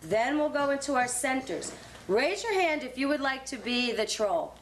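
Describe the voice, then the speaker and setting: A woman kindergarten teacher reading a story aloud to children in a classroom, slow, sing-song and encouraging. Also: high voice, expressive. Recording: echoey classroom on noisy old tape.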